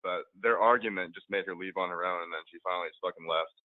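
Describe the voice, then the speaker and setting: A man's voice: sits low, quick pace, no room sound. A man telling a rambling, profane story as a podcast guest, speaking casually over a remote call. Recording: tinny phone-like line, dry.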